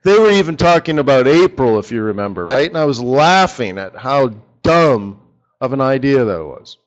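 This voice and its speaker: A man's voice: mid-range voice, sing-song, moderate pace, lo-fi sound. A man leading a live forex strategy session, chatty and joking, talking straight to his viewers.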